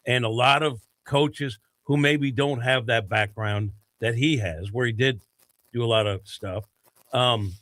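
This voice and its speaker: A man on a sports talk panel, laying out his analysis with lively, quick bursts. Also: medium pitch, dry recording.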